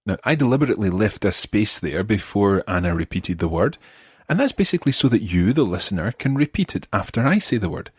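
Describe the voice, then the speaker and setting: A man's voice: on the low side, very animated, fairly quick, slightly rough, no room sound. A middle-aged man hosting a podcast language lesson, patiently explaining and modeling pronunciation for learners. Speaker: language teacher and podcast host. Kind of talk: friendly guided language lesson.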